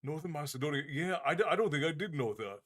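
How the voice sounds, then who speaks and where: A man's voice: fairly high pitch, lively intonation, fast, fairly bright tone. Easygoing man hosting a live chat. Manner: friendly and easygoing, stumbling restarts. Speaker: livestream host, tavern keeper persona. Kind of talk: casual livestream chat, reading viewer comments aloud.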